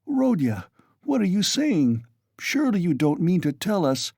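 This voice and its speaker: Timid anxious mother, pleading, raised pitch, mellow tone, as a male narrator puts her on. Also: expressive, measured pace, dry recording, clean studio sound. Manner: pleading, fretful.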